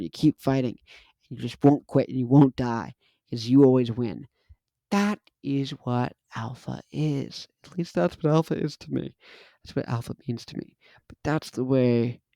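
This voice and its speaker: A man's voice: mid-range voice, vocal fry, dark tone, dry recording. A man in his twenties, hosting a casual monologue, talking in an emphatic, repetitive, punchy way. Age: 20s. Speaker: host.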